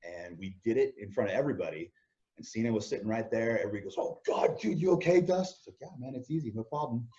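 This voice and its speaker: Low, mellow-voiced man telling stories. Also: rapid-fire. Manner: animated anecdotes, acts out quoted lines, chuckles often. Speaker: interview guest, former wrestler. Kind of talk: casual storytelling interview. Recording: dull lo-fi audio.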